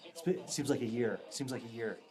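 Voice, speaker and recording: A man, a psychic medium, leading a live ghost box session with a group indoors, chatty and quick to laugh as he relays answers. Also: medium pitch, warm tone. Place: indoors in a historic house with a group.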